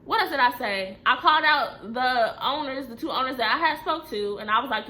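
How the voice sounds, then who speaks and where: A young woman telling a casual storytime, profane, emphatic and animated. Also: fairly high pitch, fairly quick, hardly any pauses, slight background noise.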